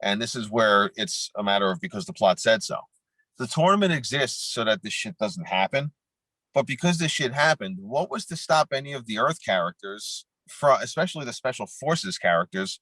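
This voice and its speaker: A man who grew up in New York, talking in a steady middle register as a podcast co-host. He rants bluntly and swears freely. The sound is dry and close, with no room around it. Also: medium pitch, brisk, dry recording, poor audio. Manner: blunt, profane, rants with film and game detail. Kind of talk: casual chat.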